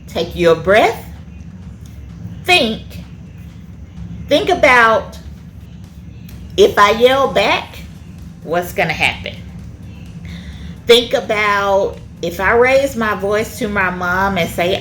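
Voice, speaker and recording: A woman teaching a children's church lesson in an animated way, often checking in with the kids by asking "okay?". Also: mid-range voice, slow pace, long pauses, a little hiss or hum.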